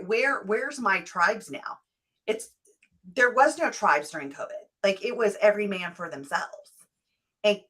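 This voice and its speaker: A woman's voice: mid-range voice, fairly bright tone. A woman co-hosting a casual talk show, chatting in a reflective way and recalling stories from childhood. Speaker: co-host.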